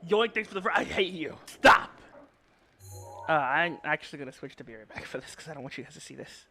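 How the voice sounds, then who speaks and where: A young man streaming a game live and bantering loudly with his chat, excitable and quick to yell. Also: on the high side, soft background music. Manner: excitable, yelling at chat, quick mood swings. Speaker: VTuber streamer.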